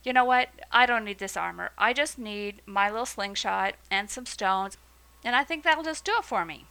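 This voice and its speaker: Brief: bold young shepherd, read by a woman in an earnest, bright, crisp storytelling voice. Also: medium pitch, normal speed, low-quality recording. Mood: confident.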